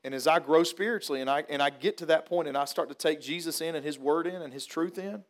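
High-voiced pastor, folksy. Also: male voice, fast. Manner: folksy, animated storytelling that turns to earnest preaching. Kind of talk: funeral sermon with storytelling.

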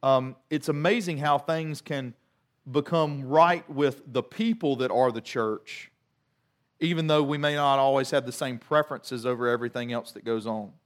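A middle-aged man and pastor delivering a sermon as an animated storyteller who repeats words in bursts. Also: mid-range voice, normal speed.

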